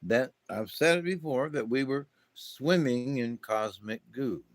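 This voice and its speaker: A man's voice: mid-range voice, a little slow, no echo. A middle-aged man giving a meandering spiritual monologue, with many fillers and restarts. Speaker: spiritual talk host. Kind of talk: rambling casual monologue.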